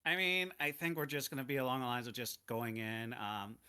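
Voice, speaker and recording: A man's voice: mid-range voice, animated, brisk, sharp tone, clear, resonant tone. A man playing a tabletop game, talking hesitantly with plenty of "uh"s and swearing when flustered. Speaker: player. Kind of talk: tabletop role-play banter.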